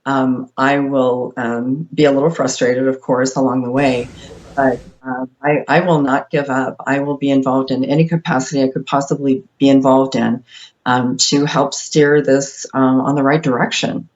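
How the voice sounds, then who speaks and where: A woman answering questions as a radio guest, earnest but halting, with many ums. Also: a bass voice, little pitch movement, darkish tone, lo-fi sound. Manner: hesitant, many fillers, earnest. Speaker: guest activist.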